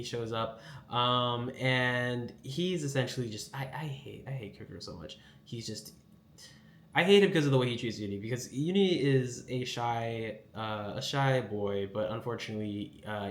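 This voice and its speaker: A man giving a casual, rambling recap of an anime episode, enthusiastic and full of filler words. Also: lowish voice. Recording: echoey room with faint ambience.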